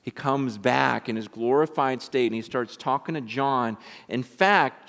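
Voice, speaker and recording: A male pastor delivers a sermon with animated energy, acting out quoted lines and swelling to loud, excited peaks. His voice sits in a middle pitch. Long reverb from a large church hall trails each phrase. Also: measured pace, vocal fry, hardly any pauses.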